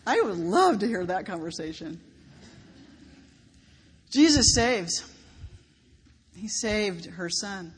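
A woman's voice: lowish voice, moderate pace, few pauses, husky. Woman preaching in an echoing hall. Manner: expressive, emphatic, rising on key words. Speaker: pastor. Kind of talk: sermon. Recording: long reverb of a large hall, faint background noise.

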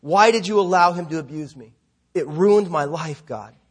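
A man's voice: a little high, normal speed, slightly rough. A man reading the lines of an abused teenage girl who accuses God of ruining her life. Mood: bitter. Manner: accusing, grieving address to God.

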